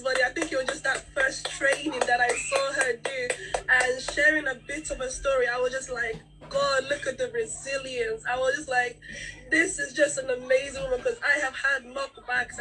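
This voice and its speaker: Tearful young woman in her twenties, gushing, high and bright voice. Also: far from the mic, poor audio. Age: 20s. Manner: gushing and effusive. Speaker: daughter introducing a guest. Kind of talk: tearful introduction on a video call. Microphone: video call.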